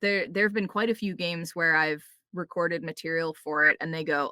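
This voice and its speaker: A woman voice actor, a guest on a podcast, chatting casually and telling quick anecdotes with playful quoted asides and lots of "like" and "um". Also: deep voice, fairly even intonation, pushed and bright, dry recording. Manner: frequent fillers like "like" and "um".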